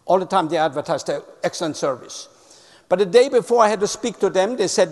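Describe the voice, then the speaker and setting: A man's voice: sits high, expressive, fast talker. A man giving a motivational talk on customer service. He tells stories, repeats key words for emphasis and uses non-native phrasing. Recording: long hall reverb.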